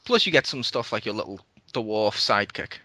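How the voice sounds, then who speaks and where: A man's voice: lowish voice, brisk, no echo. Een man die een gamepodcast presenteert en opgewonden praat, vaak lacht en losjes vloekt. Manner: excitable, laughs often, swears casually. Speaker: podcast host. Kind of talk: casual gaming podcast chat.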